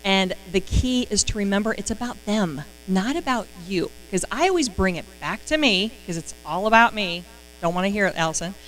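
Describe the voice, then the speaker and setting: A woman's voice: mid-range voice, lively intonation, fairly quick, fairly bright tone, slight background noise, low-quality recording. Earnest woman, heartfelt and emotional, rallies her team with a story. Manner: earnest, heartfelt, near tears. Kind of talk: encouraging story in a live stream talk.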